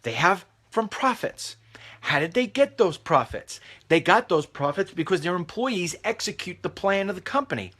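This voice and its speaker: A man's voice: sits high, big pitch swings, normal speed, pushed and bright. A middle-aged man hosting a talk show, speaking emphatically and repeating himself while out on a walk. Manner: emphatic, repetitive, preachy. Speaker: host. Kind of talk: walking talk commentary. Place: outdoors walking.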